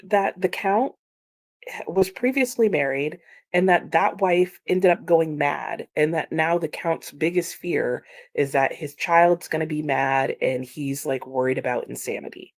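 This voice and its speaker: A woman hosting a casual book chat, animated and emphatic, with frequent "like" and laughter. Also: low-pitched, measured pace. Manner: animated and emphatic, with repeated exclamations. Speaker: book livestream host.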